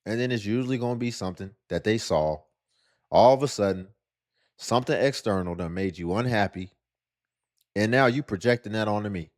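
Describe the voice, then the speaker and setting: A man's voice: lowish voice, brisk. A man giving sarcastic, lecturing reaction commentary on a video clip.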